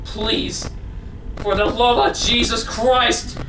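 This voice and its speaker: A woman's voice: fairly high pitch, level tone, slow pace, reverberant, recorded from a distance. A woman gamer at home commentating a horror game, jumpy and swearing, often screaming. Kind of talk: let's play commentary. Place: at home, indoors.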